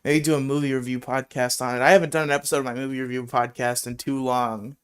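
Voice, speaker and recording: A man's voice: medium pitch, little pitch movement, quick pace, clear, resonant tone. A young man hosting a live talk show, joking, swearing freely and laughing often. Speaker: podcast host. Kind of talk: casual chat on a live show.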